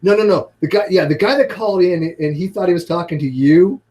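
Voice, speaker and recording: A man with a slightly high voice talks excitedly in casual chat, stumbling over restarts and swearing for emphasis. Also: a little fast. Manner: excitable, profane, stammering restarts.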